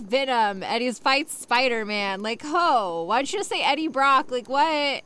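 A woman's voice: sits high, expressive, unhurried, few pauses, a little hiss or hum. A young woman reading a story aloud and breaking off into sarcastic, swearing rants about it. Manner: sarcastic, swears freely, rants loudly in bursts. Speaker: online reader and commentator.

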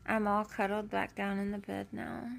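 Woman, adult audio role-play; slow, teasing, flirtatious delivery, very gravelly fry. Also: medium pitch, monotone, a little hiss or hum. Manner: slow, teasing, flirtatious talk addressed to the listener. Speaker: erotic audio creator.

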